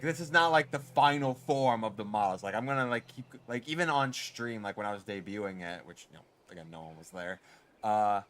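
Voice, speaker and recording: A man's voice: lowish voice, a bit bright. A man streaming, chatting casually and rambling with lots of filler words. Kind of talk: casual gaming stream chat. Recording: game music under the voice. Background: music.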